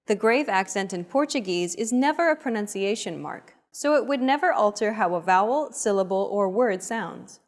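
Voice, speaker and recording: A woman narrates a scripted language lesson, setting out grammar rules in a clear, measured way. Her voice sits at an ordinary middle pitch, and her delivery stays calm and explanatory. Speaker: language teacher.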